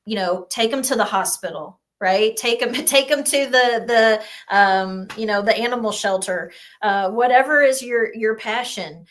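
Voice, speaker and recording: A woman's voice: fairly high pitch, measured pace, few pauses. A woman who is a guest on a podcast, co-founder of a nonprofit, talking in an encouraging, conversational way with fillers. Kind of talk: casual interview chat.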